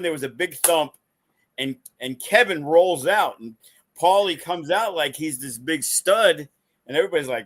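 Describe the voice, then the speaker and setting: A man hosting a podcast as a wrestling promoter, telling stories casually and acting out the quotes. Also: on the high side. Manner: animated, acts out quotes. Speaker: wrestling promoter and show host. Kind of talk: casual storytelling.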